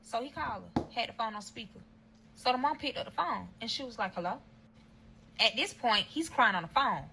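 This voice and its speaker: A woman's voice: fairly high pitch, lively intonation, a little fast, vocal fry, sharp tone, breathy edge, rough recording. A woman telling a story straight to her viewers in a casual vlog, blunt and heavy on profanity. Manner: acts out quotes in other voices. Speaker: storyteller recounting a breakup.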